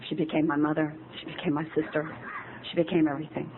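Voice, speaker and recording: On faintly hissing old tape with a tinny, telephone quality, a woman in her fifties addresses an AA meeting with a frank, emotional recovery talk. Her voice is deep and fast, with little movement in pitch.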